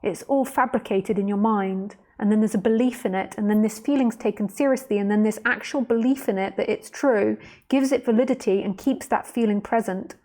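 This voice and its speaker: A woman teacher speaking in a calm, unhurried way, with a voice of ordinary middle pitch. She talks straight to the listener during a live-streamed spiritual talk and stops now and then to read out viewer comments. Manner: slow, soft and reflective, addressing the listener directly.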